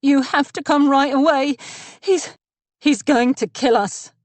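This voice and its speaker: A woman voicing a calm woman who fakes frantic panic on an emergency call, her breathing shallow and gasping, in an audiobook. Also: high-pitched, unhurried, dry recording, pitched above the performer's own voice. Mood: panicked. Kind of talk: audiobook character reading.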